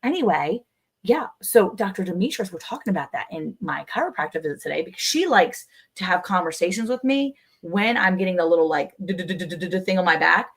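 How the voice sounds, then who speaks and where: A woman co-hosting a livestream, talking casually and telling stories in an animated, chatty way. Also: lowish voice, a little fast, breathy edge. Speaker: livestream co-host. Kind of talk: casual chat.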